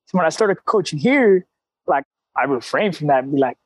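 High-voiced candid streetwise man. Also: lively intonation, a little fast, husky, dry recording, rough recording. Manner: candid, streetwise slang, frequent cussing. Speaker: CrossFit coach, guest. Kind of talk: casual interview talk.

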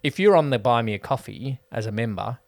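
A man co-hosting a casual film review podcast, explaining his views in a measured, thorough way. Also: mid-range voice, expressive, creaky, no room sound. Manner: explains points at length, measured. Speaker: podcast co-host.

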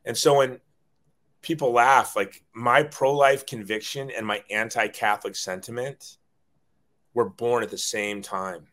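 A man's voice: medium pitch, fairly even intonation, a little slow, a bit bright. A middle-aged man, a guest on an interview show, telling a personal story in an earnest, rambling way, often repeating words when moved.

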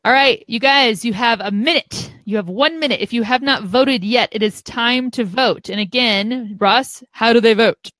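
A woman's voice: a little high, moderate pace, few pauses, a bit bright, dry recording. Upbeat woman hosting a live stream. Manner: upbeat, chatty. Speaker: host. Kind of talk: casual live-stream chat.

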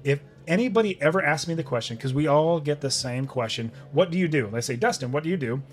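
A man's voice: fairly high pitch, expressive, fast. A middle-aged man, a podcast guest, telling a personal story in conversation and acting out his own past thoughts.

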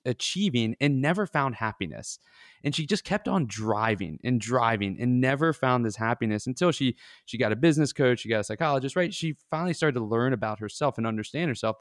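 A man's voice: medium pitch, dry recording. Rambling man explaining over a dry mic. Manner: rambling, explanatory, tags lines with "right?". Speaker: financial wellness advisor, podcast co-host. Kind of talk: casual podcast chat.

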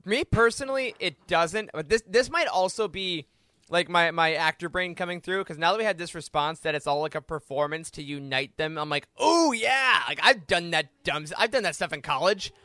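A man's voice: on the high side, fairly quick, sharp tone, dry recording. A young man co-hosting a podcast, chatting casually and enthusiastically. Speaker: podcast co-host. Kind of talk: casual chat.

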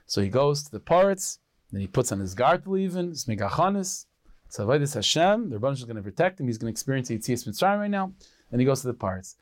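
A rabbi telling a traditional story in an animated way, sprinkling in Yiddish and Hebrew words. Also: male voice, mid-range voice, fast, dry recording, clean studio sound.

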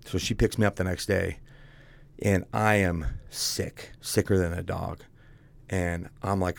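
A man with a very deep voice and plenty of gravelly fry tells his story as a guest. He talks bluntly and conversationally, tossing "dude" at the host. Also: steady tone, moderate pace. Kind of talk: casual candid storytelling.

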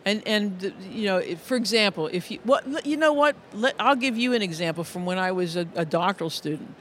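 A man's voice: high voice, lively intonation, a little fast, a bit bright, slight background noise. A middle-aged man, a music educator, telling stories in an interview, earnest and full of restarts and repeated words. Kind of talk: conversational interview storytelling.

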